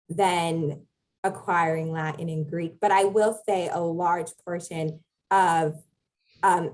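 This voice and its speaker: Lower-voiced young woman explaining things. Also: rough recording. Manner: explanatory, thoughtful, with frequent fillers. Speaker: podcast guest, Latin teacher. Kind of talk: casual conversational interview.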